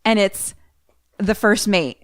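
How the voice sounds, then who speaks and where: Lively storytelling woman, clear and dry. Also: mid-range voice, slow pace, no echo. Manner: animated retelling with acted-out quotes and swearing. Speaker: podcast co-host. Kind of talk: casual movie recap.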